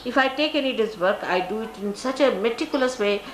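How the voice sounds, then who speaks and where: A woman's voice: fairly high pitch, lively intonation, brisk, background noise. An older woman from India with an Indian English accent, giving a spiritual talk and telling stories in which she acts out the people she quotes. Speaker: spiritual teacher. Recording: roomy archival live recording.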